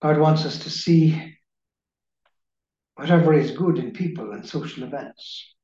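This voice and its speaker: A man giving a slow, measured spiritual reading in the manner of a preacher. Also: fairly high pitch, dark tone. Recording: echoey room, dull lo-fi sound.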